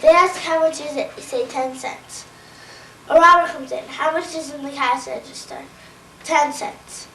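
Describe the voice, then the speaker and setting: A woman telling a joke casually, acting out the dialogue in a deadpan way. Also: sits high, normal speed, slight background noise. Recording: roomy, distant home video recording.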